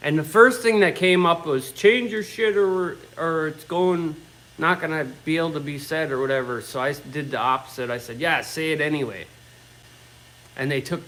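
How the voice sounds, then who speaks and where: A man's voice: a little high, normal speed, a bit bright, low-quality recording. A middle-aged man in his own workshop, ranting bluntly and swearing constantly in casual talk. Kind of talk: casual rant.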